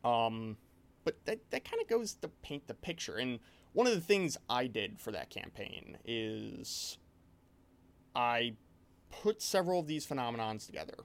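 A man's voice: medium pitch, measured pace, creaky. A man chatting casually as a game master, telling a spooky session with many restarts. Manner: rambling, animated storytelling with many restarts. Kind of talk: casual chat.

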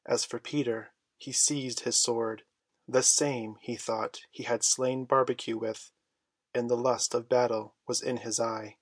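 Guy narrating a storybook, a bit husky, mid pitch, dry close mic. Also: little pitch movement, a little slow, no room sound. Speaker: audiobook reader.

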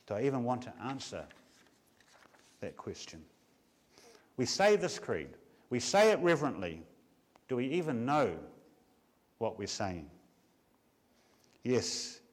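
This medium-pitched male pastor asks one rhetorical question after another in his Sunday afternoon sermon. His delivery is deliberate, with measured emphasis.

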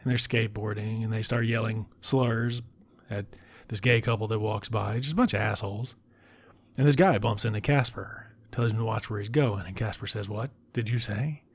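A man with a fairly low voice walks through a film's plot in a casual recap. He talks bluntly and swears freely, and now and then he drops into a breathy whisper for an aside. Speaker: film reviewer. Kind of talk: casual film recap commentary.

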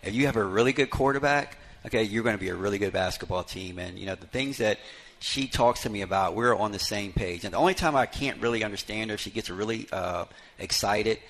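Low-voiced coach telling folksy stories. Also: male voice, fairly quick, a bit bright. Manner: folksy storyteller, many "you know" fillers. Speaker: head basketball coach. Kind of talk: live radio interview. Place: live broadcast at a bar with fans.

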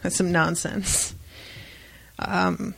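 A woman talks through a book with her co-hosts in a loose, chatty way. She recaps scenes in an animated way and adds dry, frank asides. Her voice carries a gravelly fry, and the recording is close and dry. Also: lowish voice, drawn-out words, dry recording. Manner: animated retelling, dry asides, swears freely. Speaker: podcast host. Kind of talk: casual book discussion.

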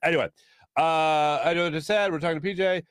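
A man hosting a sports talk show, talking with a fairly high voice. He tells stories in an animated, rambling way, full of quick asides. The studio sound is close and dry, with no room around the voice. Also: smooth, no room sound. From Philadelphia. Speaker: sports radio host. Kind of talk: casual sports talk, storytelling.

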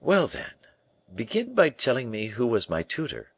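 A man's voice: medium pitch, huge pitch swings, normal speed, slightly rough, no echo, pitched above the performer's own voice, heavily acted. Man voicing an earnest young prisoner. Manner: earnest, searching, defiant questions. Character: young male prisoner, proud and questioning.

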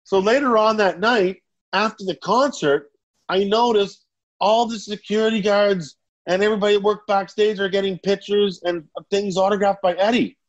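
A man's voice: sits high, moderate pace, muffled recording. A man telling long, profane stories as a guest in a casual chat. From Canada. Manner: profane, rambling, animated. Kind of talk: casual storytelling.

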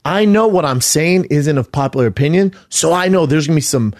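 A comedian talking in an earnest, plain-spoken podcast chat. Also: male voice, on the high side, animated, a little fast. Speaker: comedian guest.

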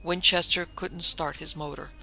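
A man narrates a novel in a steady, measured audiobook reading. His voice is gravelly and very bright, pitched somewhat high, with faint music beneath. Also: poor audio. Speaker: audiobook reader. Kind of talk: scripted narration.

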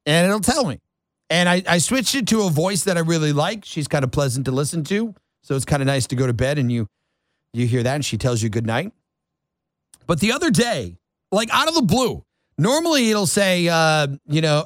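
A man's voice: sits high, lively intonation, moderate pace, no room sound. A man hosting a morning talk radio show, chatting in a rambling, playful and self-mocking way into a studio mic. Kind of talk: casual morning radio chat.

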